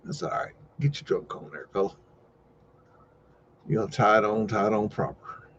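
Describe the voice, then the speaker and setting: A man's voice: fairly low pitch, sing-song, moderate pace, a little hiss or hum. Easygoing man rambling over old photos, lo-fi. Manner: rambling, joking, easygoing asides and loud exclamations. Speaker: host. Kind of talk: casual live-stream commentary over old photos.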